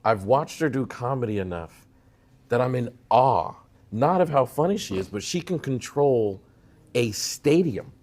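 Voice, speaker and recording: A middle-aged man hosts a sit-down interview in a medium-pitched voice. He asks his questions carefully and speaks about his guest with admiration. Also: animated, a little slow, darkish tone. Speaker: interview host, psychotherapist. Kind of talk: conversational interview.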